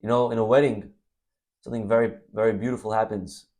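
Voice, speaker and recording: A man's voice: lowish voice, quick pace. A man teaching as a rabbi, delivering a sermon full of acted-out stories and sudden bursts of energy. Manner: animated storytelling, acts out scenes. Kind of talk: Torah class sermon.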